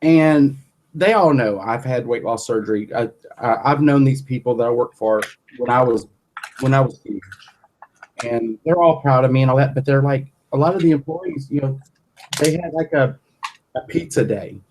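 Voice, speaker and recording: A man's voice: mid-range voice, moderate pace, a little mellow, a little hiss or hum. A man chatting casually, blunt and plain-spoken, swearing freely. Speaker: guest and co-host. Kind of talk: casual chat.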